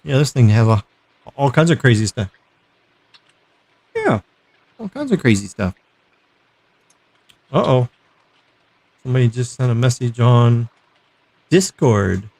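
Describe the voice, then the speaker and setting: A man's voice: mid-range voice, very animated, a little slow, creaky, pauses often, a little mellow. Chatty, joking livestream host man. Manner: chatty, joking, reads out viewer messages. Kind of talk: casual livestream chat.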